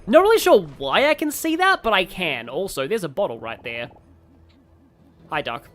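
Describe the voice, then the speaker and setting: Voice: mid-range voice, very animated, normal speed, a bit bright. A streamer giving casual, rambling let's play commentary, reading chat aloud with lots of fillers. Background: game audio.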